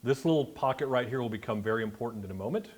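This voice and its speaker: A man's voice: mid-range voice, rapid-fire. A man giving a chatty, joking slide-show talk about a birding trip to a live club audience. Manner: jokey, chatty asides. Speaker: guest presenter at a bird club meeting. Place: meeting room with an audience.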